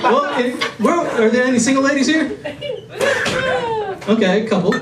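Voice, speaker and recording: A man's voice: extremely high pitch, lively intonation, normal speed, heavy background noise. A man doing a stand-up comedy set on a club stage, rambling and self-mocking, with lots of restarts and fillers. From Illinois. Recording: echoey club audio from a distant camera.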